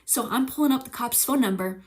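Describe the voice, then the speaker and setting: Speaking briskly at a fairly high pitch, a young female streamer spins a story in relaxed chat. She's lively and profane, imitating the voices of everyone she quotes.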